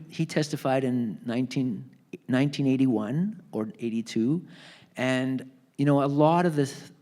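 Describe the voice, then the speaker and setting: A man telling a family story in a live onstage book talk, acting out the people in it with lively voices. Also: mid-range voice. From Canada. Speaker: author being interviewed. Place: theatre stage.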